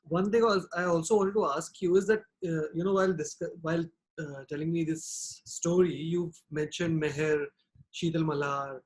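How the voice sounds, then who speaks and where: A man's voice: a little high, steady tone, normal speed, low-quality recording. A man asking questions as interviewer, hesitant and restarting his sentences. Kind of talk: casual interview.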